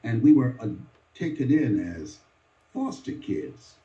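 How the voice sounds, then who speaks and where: A man in his seventies from Miami delivers a motivational speech as dramatic storytelling, his mellow voice rising and falling widely. He sounds distant in an echoing room, and the recording is dull and lo-fi. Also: medium pitch, big pitch swings, unhurried. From Miami, USA. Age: 70s. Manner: dramatic storytelling with sweeping voice changes. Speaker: motivational speaker.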